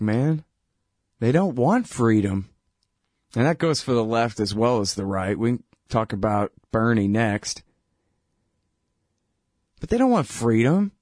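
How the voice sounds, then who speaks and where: A man's voice: mid-range voice, a little mellow, no room sound, clean studio sound. Irreverent man riffing on politics. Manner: irreverent, sardonic, laughs at his own points; filler-heavy, says dude and man. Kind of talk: casual political commentary.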